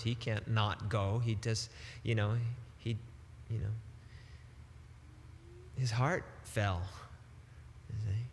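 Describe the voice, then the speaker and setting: A man giving a devotional sermon as a spiritual teacher, emphatic and deliberate, with casual turns of phrase. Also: mid-range voice, big-room sound, a little hiss or hum.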